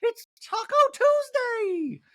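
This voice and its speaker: A man doing a shrill, sneering society woman. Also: lively intonation, slow pace, no echo, studio quality, full character voice. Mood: sarcastic. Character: shrill sarcastic haughty grown woman.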